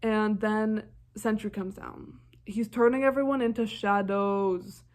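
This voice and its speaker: A woman's voice: mid-range voice, steady tone, a little slow. Rambling young woman recapping a film. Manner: rambling, filler-heavy, enthusiastic. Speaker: film reviewer.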